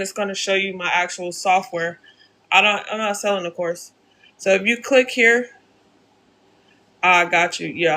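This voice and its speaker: A woman hosting a casual live-stream software tutorial, narrating each click, repeating her steps and answering the chat as she goes. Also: medium pitch.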